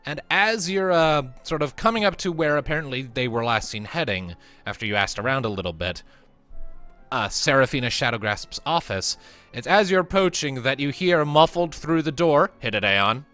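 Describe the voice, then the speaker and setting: A game master narrating and running a tabletop role-playing game, lively and prone to restarts. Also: medium pitch, moderate pace, soft background music. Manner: animated, restarts often.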